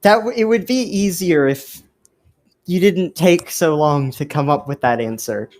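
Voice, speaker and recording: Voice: mid-range voice, lively intonation, measured pace, darkish tone, close to an everyday voice. A player voicing a mouthy winged reploid in a tabletop game, argumentative and stammering. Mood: defiant.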